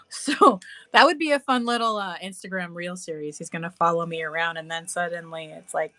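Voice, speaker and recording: A woman's voice: mid-range voice, moderate pace, sharp tone, no echo, faint music behind. A woman chatting casually on a live craft stream, cooing and squealing with delight as she works. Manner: bubbly, coos and squeals over her craft.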